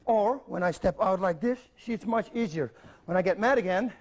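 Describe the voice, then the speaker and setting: A man's voice: sits high, normal speed, a little mellow. A middle-aged man, a Dutch native speaker, teaching kicking technique in an instructional video, giving direct cues and counting steps aloud. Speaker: martial arts instructor.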